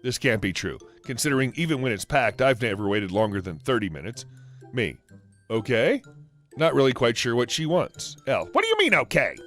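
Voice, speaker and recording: A man's voice: mid-range voice, lively intonation, a little fast, fairly bright tone. A man narrating online stories in a matter-of-fact, scripted style. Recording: faint music underneath.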